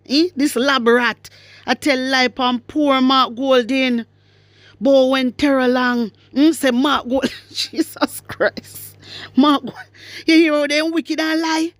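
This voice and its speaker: A woman's voice: on the high side, dry recording. A Jamaican woman giving heated, mocking political commentary with frequent exclamations. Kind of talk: heated social media commentary.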